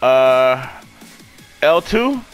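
Speaking very slowly in a mid-range voice with big pitch swings, a man streams his first playthrough of a game over background game music. He trash-talks, curses, gets hyped, and keeps repeating his words.

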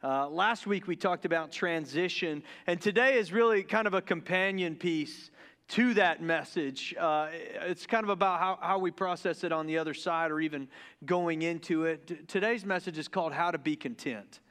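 A pastor preaching in a relaxed, joking way, often stumbling and restarting as his excitement runs ahead of him. His voice sits high for a man and comes through smooth and resonant. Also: moderate pace. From Deep South of the US. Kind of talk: casual sermon. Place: church sanctuary.

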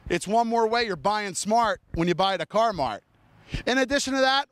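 Guy with a really high voice doing a pushy car lot sales pitch, fast and pumped, listing features nonstop. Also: expressive, a bit bright. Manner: addresses viewers and cameraman directly. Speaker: car dealership salesman and show host. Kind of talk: hard-sell TV car commercial.

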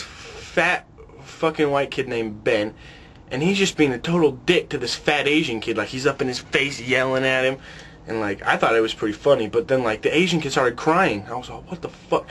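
A man's voice: medium pitch, fairly bright tone, slight background noise. A young man delivering a comic monologue to camera, crude, boastful and swearing constantly with a smug slacker drawl. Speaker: comedy vlogger in character.

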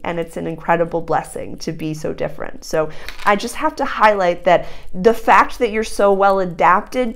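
Woman, astrology reading to camera, effusive, laughs often, filler-heavy, sudden high excited tones. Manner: effusive, talks in bursts with many likes, laughs often.

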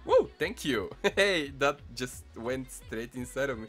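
A young man casually commenting on a mobile game as he plays, excitable, muttering to himself and swearing often. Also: medium pitch, unhurried. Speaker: gaming channel host. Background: faint music playlist.

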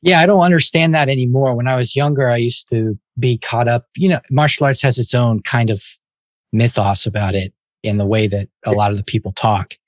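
A man's voice: medium pitch, fairly even intonation, brisk, no echo. A man hosting a podcast interview, chatting in an easygoing, agreeable way. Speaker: podcast host. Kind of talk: casual interview.

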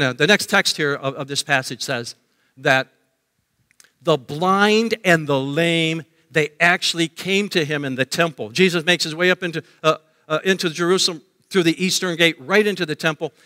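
Male pastor, sermon, animated storyteller, higher-pitched, bright tone, long church reverb. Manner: animated storytelling, acting out crowd voices. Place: church sanctuary.

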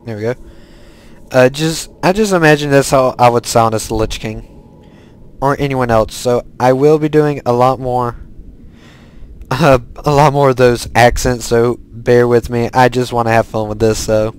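A man's voice: medium pitch, fairly even intonation, measured pace, clean tone, poor audio. A man giving casual, rambling let's-play commentary while he plays, often restarting his sentences. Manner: rambling, self-correcting, chatty. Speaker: gaming video host.

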